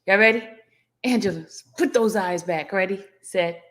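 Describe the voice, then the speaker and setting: Speaking at medium pitch and a moderate pace, a woman with a somewhat bright voice hosts a laid-back livestream. She playfully greets each viewer by name and often laughs as she teases the crowd.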